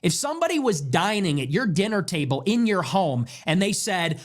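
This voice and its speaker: A man's voice: high voice, sing-song, moderate pace. A man hosting a show, delivering a heated political monologue in an impassioned, declamatory way, hammering home repeated rhetorical questions. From United States. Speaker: show host.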